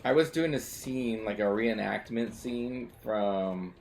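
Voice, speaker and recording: A man's voice: lowish voice, slow pace, creaky, a little mellow, slight background noise. A man streaming a game, chatting casually and rambling, with lots of swearing, fillers and restarts. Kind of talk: casual chat while gaming.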